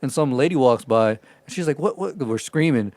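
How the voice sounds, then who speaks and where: A man co-hosting a podcast, telling a story in casual, profane chat and acting out the shouted lines in it. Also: medium pitch, fairly quick, dry recording. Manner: profane, animated, acts out shouted quotes. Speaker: podcast co-host.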